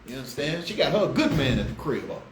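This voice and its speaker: A man preaching a street-style Bible class, fiery and slangy, swinging between loud outbursts and low asides. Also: big pitch swings, quick pace. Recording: echoey room with faint background noise.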